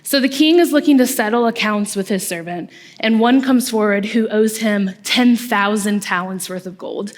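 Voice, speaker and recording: A woman's voice: medium pitch, normal speed. A young woman, a small group leader, giving a conversational youth-ministry sermon with asides and tag questions in a church hall. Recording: long reverb from a large hall.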